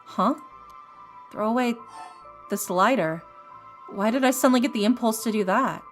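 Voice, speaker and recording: A woman's voice: fairly high pitch, normal speed, faint music behind, natural voice. A woman voicing the young male lead of a mystery game, giving him a cowboy-style drawl. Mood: puzzled.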